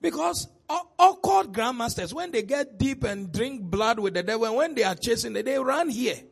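A Ghanaian man in middle age delivers a sermon in a high, raspy voice with a gravelly edge. He swings from quiet asides to shouted exclamations and laughs often as he preaches. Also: animated, moderate pace. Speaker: pastor.

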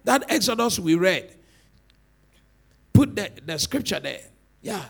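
Gravelly preacher, high and lively. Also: male voice, unhurried. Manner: animated preaching, swinging from loud shouts to low murmurs; repeats words for emphasis. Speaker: pastor. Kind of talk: sermon.

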